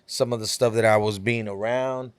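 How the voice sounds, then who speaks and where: A rapper from California with a Texas Southern accent chats laid-back as a guest on a podcast, dropping plenty of "you know" fillers. His voice is lowish with fairly even intonation at a normal speed, and the tone is clean with no echo.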